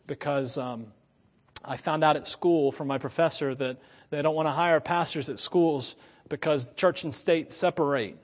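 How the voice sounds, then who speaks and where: A male pastor delivers an impassioned sermon in a noticeably high voice. He drops to quiet, confiding asides and then builds to loud, emphatic stretches. His voice rings with the long reverb of a church hall.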